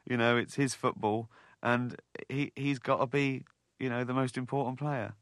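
A man's voice: medium pitch, steady tone, normal speed, no room sound, clean studio sound. Wry man telling office anecdotes. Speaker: comedy creator, interview guest. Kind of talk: interview conversation.

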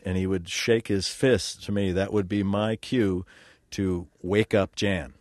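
Low-voiced older man telling stories. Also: steady tone, measured pace, a little mellow, no echo. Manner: rambling, self-deprecating, frequent fillers and restarts. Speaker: working actor, interview guest. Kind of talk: casual interview talk, storytelling.

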